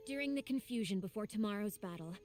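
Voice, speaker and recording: A woman's voice: mid-range voice, animated, quick pace, a little mellow, soft background music, close to an everyday voice. A woman voicing a haughty, formal noblewoman. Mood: cold. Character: cold, proud noblewoman turning traitor. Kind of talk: game voice acting.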